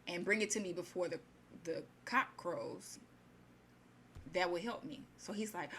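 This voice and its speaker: A woman's voice: on the low side, normal speed, fairly bright tone, a little hiss or hum. Chatty woman retelling a fairy tale. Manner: rambling and chatty, with many fillers and restarts. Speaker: storyteller.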